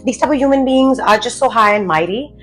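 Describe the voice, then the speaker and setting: A woman's voice: fairly high pitch, a little fast, a bit bright, soft background music, poor audio. A woman confidence coach delivering a blunt, cursing motivational rant, hammering out rhetorical questions. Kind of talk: profane motivational rant to camera.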